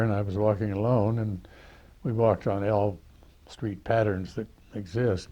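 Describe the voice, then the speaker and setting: Old guy spinning yarns, low mellow voice, kinda muffled. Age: older. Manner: unhurried, dry-witted, with pauses and fillers. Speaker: interviewee. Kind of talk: anecdotal storytelling.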